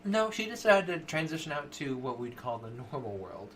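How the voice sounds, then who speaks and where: A man's voice: mid-range voice, very animated, normal speed, a bit bright, slight background noise. A man voicing a laid-back young stripper woman. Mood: casual.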